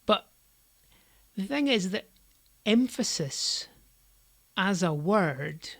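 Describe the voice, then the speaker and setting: Woman, language teacher, unhurried, measured explaining voice. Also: mid-range voice, lively intonation, no room sound. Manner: slow, deliberate explaining with stressed example sentences. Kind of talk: scripted language lesson.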